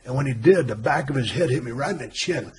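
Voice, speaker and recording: A man's voice: mid-range voice, expressive, quick pace, a crowd in the background. Man, podcast host, former wrestler, easygoing storyteller, casual chat.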